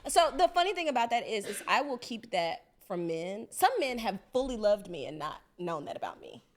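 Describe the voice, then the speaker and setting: A woman's voice: mid-range voice, big pitch swings, moderate pace. A young woman co-hosting a podcast in loose, giggly casual chat. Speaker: podcast co-host.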